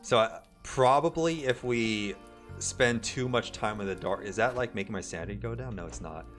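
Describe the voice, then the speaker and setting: A man's voice: fairly low pitch, normal speed, a bit bright. Chatty man streaming a game. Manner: chatty, greets chat, laughs easily. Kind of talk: casual livestream gameplay commentary. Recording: stream audio with game music.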